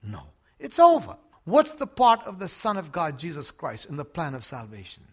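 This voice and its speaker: An older man with an Australian accent preaching a sermon, swinging from hushed words to shouts. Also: a little high, wildly swooping pitch, moderate pace, husky.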